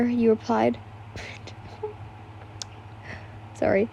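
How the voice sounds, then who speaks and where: Tired, husky young woman reading fan fiction. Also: fairly high pitch, measured pace, dark tone. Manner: chatty, breaks off for asides and apologies. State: tired, yawning. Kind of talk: casual story reading.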